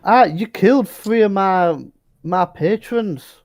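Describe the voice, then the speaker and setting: A man's voice: high-pitched, takes it slowly, no room sound, pitched above the performer's own voice. A fed-up female tavern keeper, as a male game master puts her on, curtly shooing troublemakers out of her place. The voice is plain and dry, with no room around it. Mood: indignant. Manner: curt, shooing people off.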